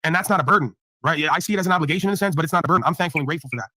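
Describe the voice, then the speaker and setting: A man's voice: a little high, very fast, sharp tone, no room sound. A man hosting a livestream panel, preaching profane motivational talk to his guests. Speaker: panel host.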